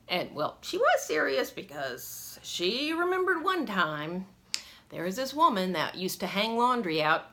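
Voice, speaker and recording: A woman's voice: mid-range voice, big pitch swings, measured pace, sharp tone. A woman telling embarrassing stories from her life in a rambling, self-mocking way, laughing often. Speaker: vlogger telling personal stories. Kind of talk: casual story-time vlog.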